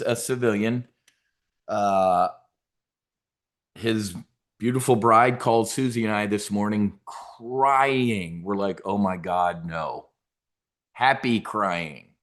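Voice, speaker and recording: A middle-aged man hosting a trading show, telling stories in a rambling, animated way with many fillers. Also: on the low side. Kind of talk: casual livestream talk.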